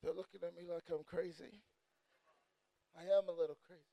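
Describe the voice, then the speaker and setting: Impassioned male preacher with a very high, gravelly voice; sermon delivery, sudden shouts. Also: fairly even intonation, brisk. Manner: impassioned, bursts into shouts, mimics people.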